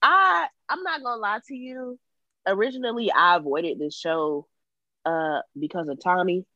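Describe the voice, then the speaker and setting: A woman co-hosting a podcast in casual chat, joking bluntly with crude slang and loud laughs. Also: mid-range voice, normal speed, no room sound. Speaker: podcast co-host. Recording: dull dry sound.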